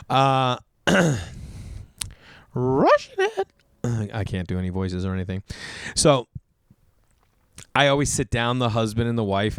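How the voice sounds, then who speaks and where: A man, a comedian hosting his own show, chatting loosely and rambling with a voice gone hoarse. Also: on the low side, dry recording, studio quality. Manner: rambling, loose, self-mocking with many fillers. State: hoarse, recovering lost voice. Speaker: comedian podcast host. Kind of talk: casual solo chat. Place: home indoors with rain on the roof.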